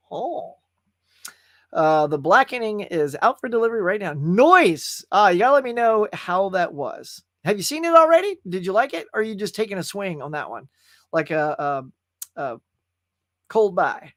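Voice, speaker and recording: A man's voice: sits high, fairly bright tone, dry recording, clean studio sound. A man hosting a casual live stream, chatting loosely, laughing and reading viewer comments aloud. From California. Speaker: host.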